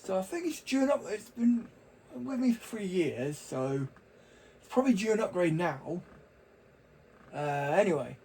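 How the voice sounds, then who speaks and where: A man's voice: sits high, very animated, measured pace, pauses often, darkish tone, husky, poor audio. A young man talking casually to camera, rambling and chatty with frequent restarts. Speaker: vlogger.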